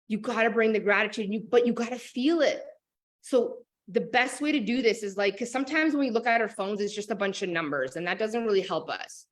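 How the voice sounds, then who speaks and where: A woman talking casually as a motivational coach, animated and full of fillers like "like" and "oh my God". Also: medium pitch, a little fast. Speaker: business and manifestation coach.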